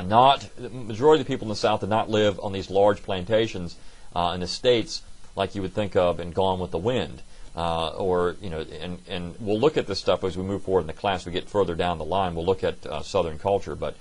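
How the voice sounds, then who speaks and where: Male instructor with a lowish voice, lecturing loosely with plenty of restarts. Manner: conversational, frequent "uh" fillers and restarts. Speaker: history instructor. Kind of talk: recorded college lecture.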